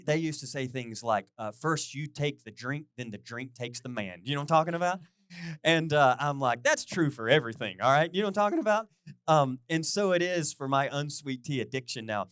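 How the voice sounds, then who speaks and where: A middle-aged man preaching a casual, conversational sermon as a pastor, chatty and animated, often asking his listeners questions. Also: medium pitch, no room sound, studio quality.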